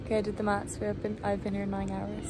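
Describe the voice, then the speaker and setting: A young Irish woman vlogs to her phone camera while travelling between an airport room and a plane cabin, chatty and rambling, laughing at herself and worn out from the long journey. Her mid-range voice is delivered completely flat and fast. Music plays in the background.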